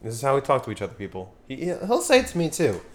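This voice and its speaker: Here the young host from Pennsylvania talks quickly in a mid-range voice that swings hugely in pitch. His casual podcast chat meanders, he swears, and his train of thought slips away.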